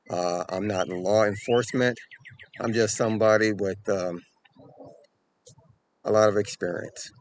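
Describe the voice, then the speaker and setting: A man's voice: fairly low pitch, slight background noise. Earnest man telling a story. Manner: earnest, repeats "okay" and "right", grows animated in the story. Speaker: self-defense channel host. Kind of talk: storytelling to camera.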